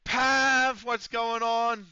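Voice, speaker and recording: A man with a bright, crisp voice pitched a bit high, casually rambling through a live-stream of a football management game. He fills his talk with ums and throwaway swearing. The sound is dry and close but a little dull and lo-fi. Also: little pitch movement, very slow, dry recording. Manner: rambling and loose, with many fillers and casual swearing.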